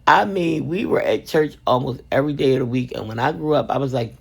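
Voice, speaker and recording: A woman resin craft vlogger telling a funny family story and giving supply tips in a lively, chatty way, calling viewers "baby". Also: rumbling low, moderate pace, gravelly, hardly any pauses, husky.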